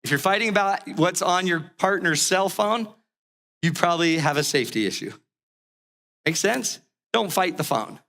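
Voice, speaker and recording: Middle-aged male relationship speaker, animated storyteller, high bright voice. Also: moderate pace. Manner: animated storyteller, acts out characters. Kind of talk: motivational talk with acted-out stories.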